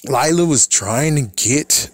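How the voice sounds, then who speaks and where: A man's voice: mid-range voice, animated, slow pace, no echo, studio quality. A man casually recapping a cartoon episode, exasperated and swearing, often laughing at the characters. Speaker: cartoon reaction commentator.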